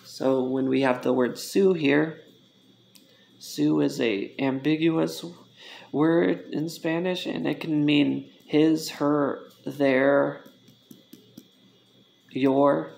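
A man runs a casual language lesson, drilling each word by saying it several times and pausing to correct his own mistakes. His voice sits a little high for a man and has a gravelly, crackly edge. He talks very slowly and deliberately. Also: steady tone, darkish tone. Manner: slow, self-correcting, repeats words for drill. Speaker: Spanish tutor.

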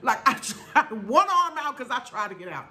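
A middle-aged woman vlogger telling a story in a casual, animated way, laughing often and calling her viewers y'all and honey. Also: a little high, normal speed.

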